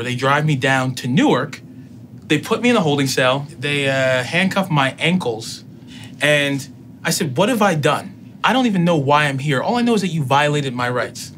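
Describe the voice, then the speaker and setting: Man, storytelling, animated delivery, acts out dialogue, audible background noise. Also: mid-range voice. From United States. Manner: animated retelling, acts out both sides of dialogue. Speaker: podcast guest. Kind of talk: personal storytelling.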